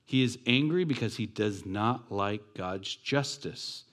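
A man's voice: fairly low pitch, animated, slow pace, fairly bright tone. A man preaching a sermon as pastor, talking in a conversational way with rhetorical questions and joking asides.

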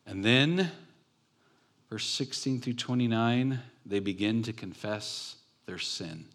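A man's voice: on the low side, fairly bright tone. A man preaching a sermon in a church, talking in a conversational, joking way with his congregation. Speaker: pastor. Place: church building.

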